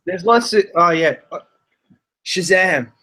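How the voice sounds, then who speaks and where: A man speaking as a guest in a casual chat, hesitant and reflective, with many halting restarts. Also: medium pitch, fairly even intonation, a bit bright.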